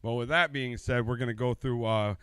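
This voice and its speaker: A man hosts a live sports stream from a shop, pumped up and poking fun at himself. His voice sits mid-range and sounds smooth and resonant. The sound is close and dry, with no room echo. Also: mid-range voice, steady tone, brisk, a bit bright. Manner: hyped, self-mocking, laughing often. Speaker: sports show host. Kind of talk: casual live-stream chat. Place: shop in a lakeside harbor town.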